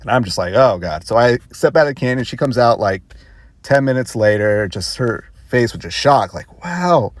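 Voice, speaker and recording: A man's voice: mid-range voice, moderate pace, no echo. A man vlogger telling a rambling story casually, with self-conscious laughs.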